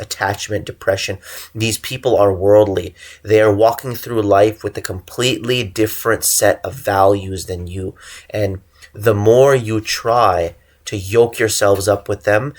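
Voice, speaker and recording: A man's voice: on the low side, a little mellow. A young man delivering an earnest preaching monologue, exhorting listeners and stressing lists of single words. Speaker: religious channel host.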